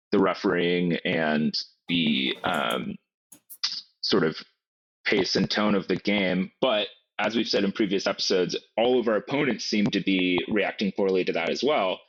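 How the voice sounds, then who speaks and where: A man co-hosting a sports podcast in casual chat, talking in a thoughtful, halting way. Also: low voice, a bit bright. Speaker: podcast co-host. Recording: dull lo-fi audio.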